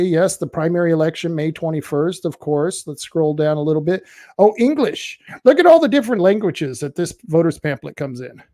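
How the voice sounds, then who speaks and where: A man's voice: fairly high pitch, mellow, dry recording, studio quality. A man hosting a local political web show in casual livestream commentary, blunt and sarcastic as he talks back to online commenters.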